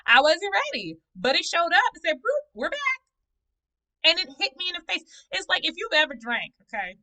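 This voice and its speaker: Woman vlogger, high and bright voice, animated, conversational, a little preachy. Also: a little fast, low-quality recording. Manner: animated, conversational, preachy storytelling with playful asides. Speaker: vlogger reviewing a book. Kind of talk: casual personal vlog talk.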